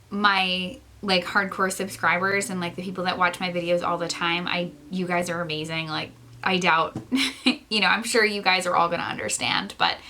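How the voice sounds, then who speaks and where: A young woman vlogging, talking candidly and casually to her viewers with frequent fillers and light laughs. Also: fairly low pitch. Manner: candid, chatty, many fillers and soft laughs. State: pregnant. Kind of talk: casual chat to camera.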